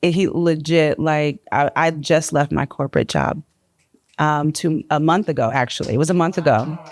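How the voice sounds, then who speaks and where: Woman panelist, conversational, low voice. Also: moderate pace, a little hiss or hum. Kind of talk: panel answer.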